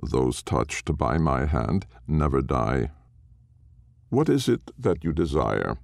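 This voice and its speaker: Brief: a man playing an uncanny dog spirit in an audiobook, gentle and menacing, gravelly and unhurried. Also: rumbling low, very animated, dry recording, studio quality, full character voice. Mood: ominous calm. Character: eerie white dog spirit, calm, ominous.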